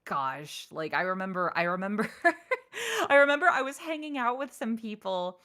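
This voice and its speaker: A woman voice actor telling stories in a casual interview, full of "like" fillers and acting out the quotes she tells. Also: normal speed. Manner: animated, acts out quotes with big pitch jumps; frequent "like" and "you know" fillers. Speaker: voice actor guest.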